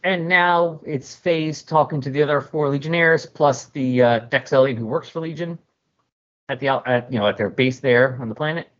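A man casually recapping a comic story with jokey, animated storytelling. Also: mid-range voice, normal speed. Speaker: podcast host. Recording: dull lo-fi recording.

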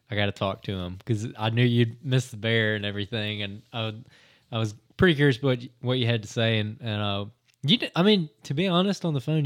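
A man co-hosting a casual hunting chat, relaxed, prompting with questions and laughing easily. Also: mid-range voice. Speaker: podcast co-host.

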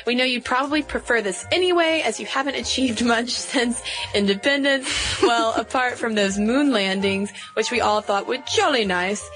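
A woman's voice: fairly high pitch, normal speed, a bit bright, faint music behind, voice pushed up, natural voice, rough recording. A woman voicing a huffy Englishman who scolds in a letter, with a put-on English accent. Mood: mock indignant. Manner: mock-stern, theatrical.

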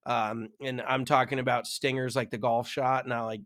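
A man's voice: medium pitch, level tone, moderate pace, fairly bright tone, dry recording, clean studio sound. A man co-hosting a golf podcast, talking frankly and casually, with some swearing and self-mockery. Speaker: podcast co-host.

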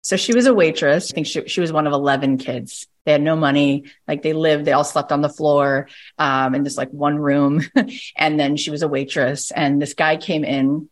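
Her voice is low and steady at a normal speed. She is a coach and podcast host on a recorded call, energetically telling a story and acting out the people she quotes.

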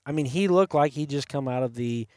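A man's voice: medium pitch, a little fast, darkish tone, dry recording, studio quality. A man telling a long hunting story in casual chat as a podcast host, acting out the voices of people he quotes. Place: campside.

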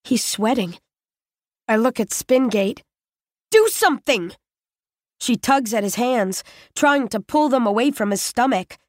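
Audiobook narrator, woman, steady unhurried read, brightish register. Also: a little high, dry recording, clean studio sound. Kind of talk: first-person scripted story narration.

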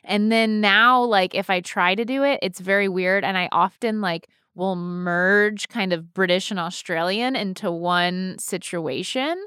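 A woman co-hosting a casual podcast, rambling through her thoughts with plenty of fillers. Her voice is smooth and resonant, recorded dry and close. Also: mid-range voice, unhurried, few pauses, bright, forceful tone, no room sound. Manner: rambling, chatty, many fillers. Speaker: podcast co-host. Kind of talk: casual chat.

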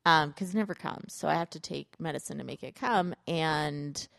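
A woman's voice: low-pitched, normal speed, gravelly, fairly bright tone, dry recording, clean studio sound. A woman co-hosting a podcast in casual chat, rambling and giggly, full of fillers. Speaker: podcast co-host.

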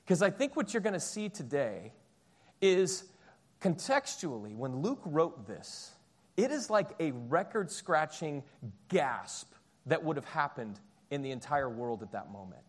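A man in his thirties preaches a relaxed, conversational sermon from a church stage. His voice sits high and bright for a man, and he tells stories with easy, animated energy. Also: unhurried. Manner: chatty, storytelling, animated. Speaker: pastor. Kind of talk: casual sermon.

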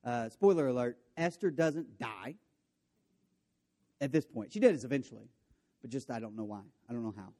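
A man's voice: medium pitch, lively intonation, moderate pace, pauses often, warm tone. A man preaching a sermon, retelling a story with playful voices for the characters and jokey asides. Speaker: pastor.

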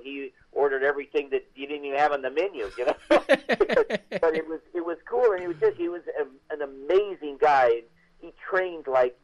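An older man, a veteran actor, telling stories as an interview guest in a chatty, animated way with many restarts. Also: on the high side, highs cut off. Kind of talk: interview storytelling.

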